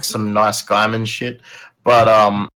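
A man in a casual podcast chat, halting and full of fillers, with a sarcastic edge. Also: on the low side, flat delivery, bright, forceful tone.

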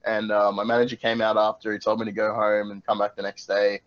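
A man's voice: on the low side, quick pace. Profane man telling a story. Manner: profane, animated storytelling with bursts of shouting. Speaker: podcast panelist. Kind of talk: casual storytelling. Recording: dull lo-fi podcast audio.

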